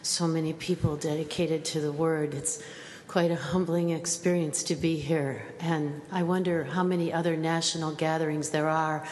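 A woman's voice: low voice, little pitch movement, normal speed, a little mellow. A woman poet making hesitant, thoughtful opening remarks before reading. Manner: hesitant, thoughtful speech with fillers. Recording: reverberant hall with faint noise.

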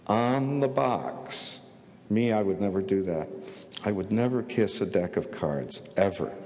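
A man's voice: on the low side, a little slow, darkish tone, in a large hall. A male author reading his fiction aloud in a dry, wry first-person storyteller's manner.

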